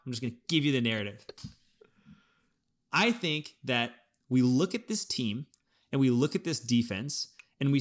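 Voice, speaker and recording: A man co-hosting a sports podcast, thinking aloud in an animated way with frequent restarts as he breaks down his team's football season. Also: medium pitch. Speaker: podcast co-host. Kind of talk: casual sports podcast analysis.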